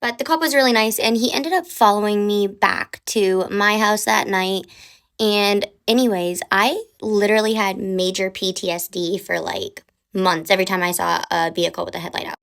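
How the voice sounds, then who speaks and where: A young adult woman telling a true story from her life in a casual, animated way. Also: medium pitch, moderate pace, creaky. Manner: animated, dramatic retelling with lots of "like".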